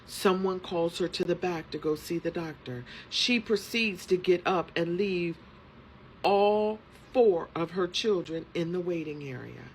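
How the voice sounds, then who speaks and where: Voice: mid-range voice, measured pace, slight background noise, poor audio. Sassy front-desk receptionist telling a story. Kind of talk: storytime video.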